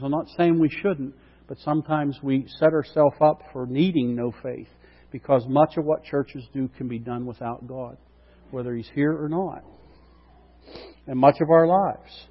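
A man preaching a sermon with emphatic rhetorical questions, dropping quiet and then rising loud. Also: mid-range voice, steady tone, normal speed. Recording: dull sound with long reverb.

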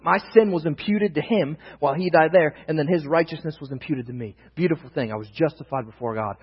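A young male pastor preaching a sermon, earnest, swinging from loud emphasis to near-hushed confiding, recorded in a church hall. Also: on the high side, quick pace, hardly any pauses. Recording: dull, roomy long reverb, husky.

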